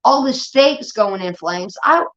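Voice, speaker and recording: A young woman telling rambling, profane stories in casual chat, getting animated as she retells them. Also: medium pitch, measured pace. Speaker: show host. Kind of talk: casual storytelling rant. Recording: dull lo-fi stream audio.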